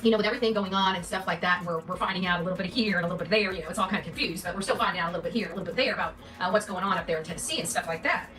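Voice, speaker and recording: A woman livestreamer in a rambling monologue, repeating and stumbling over words, with a put-on country drawl and a pitch that swings up and down. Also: rapid-fire, hardly any pauses, pushed and bright, distant mic, soft background music, poor audio. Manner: repetitive, stammering, pitch swings up and down.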